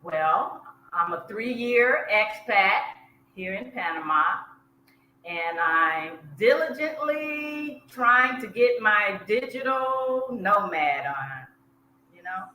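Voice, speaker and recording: A woman with a Southern US accent chats slowly and easily as a podcast guest, often laughing at her own slips. Her voice is bright and clear. She sounds like she is in an echoey room, with a faint hiss underneath. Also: medium pitch, expressive. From South Georgia, US. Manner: unhurried, chatty, laughs at herself. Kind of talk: casual interview chat.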